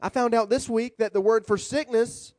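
A man who is a rabbi, preaching a sermon with animated, humorous storytelling. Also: extremely high pitch, moderate pace, no echo.

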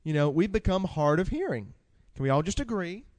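High-voiced man preaching in a hall. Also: big pitch swings, brisk, a little mellow. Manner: emphatic, repeats key words, quotes scripture. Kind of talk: sermon.

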